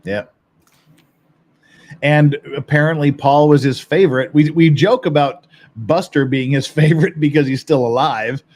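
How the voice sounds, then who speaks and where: A man's voice: fairly high pitch, moderate pace, darkish tone, slight background noise. A man hosting a podcast, casually reading and reacting to viewer comments in a rambling, blunt way, with frequent swearing and laughter. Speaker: podcast host.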